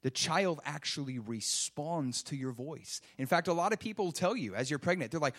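Animated, higher-voiced male preacher. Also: normal speed. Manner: emphatic, full of rhetorical questions. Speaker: pastor. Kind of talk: sermon.

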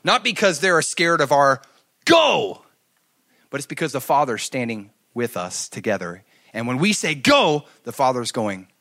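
A middle-aged man preaching a sermon, telling stories and swinging from loud to hushed. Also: mid-range voice, big pitch swings, normal speed. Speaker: pastor.

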